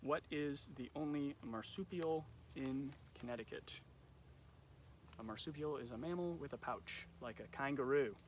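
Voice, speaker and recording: Kids' nature trivia gets a relaxed, talkative treatment from a young camp educator streaming live at a nature center, with lots of ums along the way. His mid-range voice moves at a normal speed, and the phone or camera recording has slight background noise.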